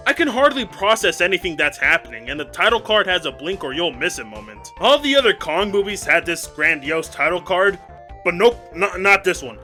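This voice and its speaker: Animated sarcastic young man reviewing films. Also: high-pitched, fairly quick, soft background music. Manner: sarcastic, exaggerated outbursts. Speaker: film reviewer. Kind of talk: comedic movie review.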